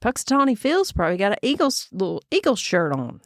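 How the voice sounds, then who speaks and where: A woman, co-hosting a podcast in casual chat, chatty and excitable and quick to cheer. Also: medium pitch, no echo, studio quality. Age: 50s. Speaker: podcast co-host.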